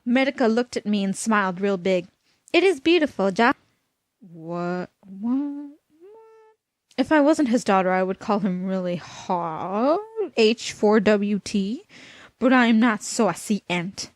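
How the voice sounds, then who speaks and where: A woman's voice: mid-range voice, moderate pace, no room sound. A woman reading a comic fan fiction aloud, mocking it and stopping to comment. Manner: mocking, breaks off to laugh and comment.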